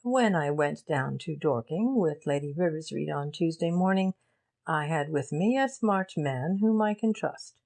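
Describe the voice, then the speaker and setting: A woman reading a confident military gentleman who speaks in an assured way. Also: low-pitched, lively intonation, measured pace, creaky, full character voice.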